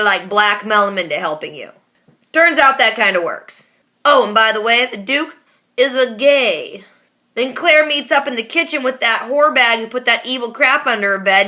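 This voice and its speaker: Bright-voiced sarcastic woman vlogger. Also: a little high, normal speed. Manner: sarcastic, playful, talks back at the screen. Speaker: reaction vlogger. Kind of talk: casual slangy episode recap.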